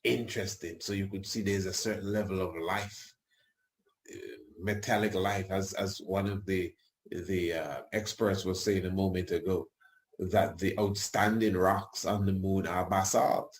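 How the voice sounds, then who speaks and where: A man's voice: low voice, steady tone, a little slow. A man hosting a radio show, talking in a rambling, colloquial way with tag questions and chuckling asides. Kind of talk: casual radio talk.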